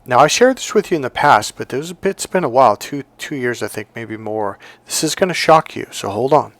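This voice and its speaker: This man, a hypnotherapist and relationship coach, talks fairly quickly with no echo as he delivers a motivational personal story. He performs the dialogue in it animatedly, his pitch rising high on quoted lines.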